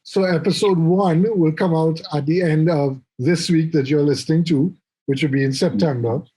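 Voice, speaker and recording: A man's voice: a little high, moderate pace, dark tone, breathy edge, rough recording. A man hosting a casual podcast over a video call, rambling and restarting his sentences. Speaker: podcast host. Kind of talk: casual chat.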